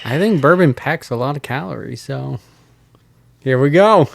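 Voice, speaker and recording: Gravelly-voiced male podcast co-host. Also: mid-range voice, animated, moderate pace, dry recording. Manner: agreeable, chuckles often, short backchannels. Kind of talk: casual chat tasting a drink.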